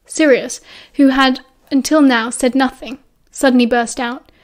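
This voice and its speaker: A woman with a British accent narrating a novel as an audiobook in a steady, expressive storytelling voice. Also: sits high, moderate pace. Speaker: audiobook reader.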